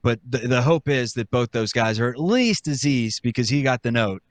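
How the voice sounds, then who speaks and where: A man's voice: medium pitch, animated, normal speed, no room sound. A man, a former TV broadcaster, chatting casually as a guest, laid-back with many fillers. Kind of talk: casual chat.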